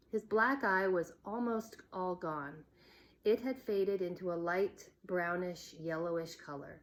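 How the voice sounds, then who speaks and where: A woman teacher reading a children's novel aloud in a slow, deliberate storytelling manner. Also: fairly low pitch. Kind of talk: read-aloud narration.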